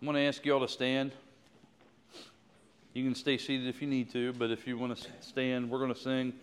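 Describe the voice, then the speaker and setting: A man's voice: mid-range voice, level tone, normal speed, clean tone. A man preaching a sermon, closing with an impassioned prayer. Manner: impassioned, rising to fervent prayer. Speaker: pastor.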